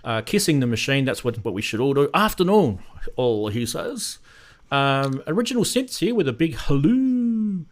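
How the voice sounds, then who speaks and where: A man's voice: mid-range voice, lively intonation, normal speed. A man with an Australian accent hosting a casual live stream, rambling and greeting viewers in the chat by name. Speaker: host of a synth live stream.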